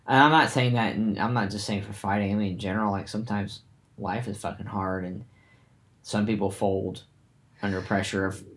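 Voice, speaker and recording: A man's voice: lowish voice, steady tone, normal speed, a bit bright. A man in casual conversation about martial arts training, earnest and reflective, often restarting his sentences as he thinks. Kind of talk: casual chat.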